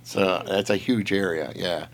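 Gravelly-voiced man rambling through a story. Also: deep voice, measured pace. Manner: rambling, heavy use of filler words; animated, laughing while telling. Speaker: storyteller recounting patrol work. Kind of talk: casual storytelling chat.

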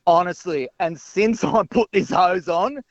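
A man's voice: sits high, a little slow, dry recording, dull audio. An enthusiastic Australian man giving a customer testimonial, saying mate in nearly every sentence. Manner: enthusiastic, says mate constantly.

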